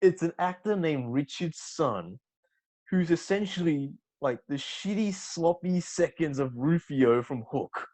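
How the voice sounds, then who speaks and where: A man guesting on a casual movie discussion. He talks in an animated, excitable way and swears freely. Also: fairly high pitch, unhurried. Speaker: podcast guest.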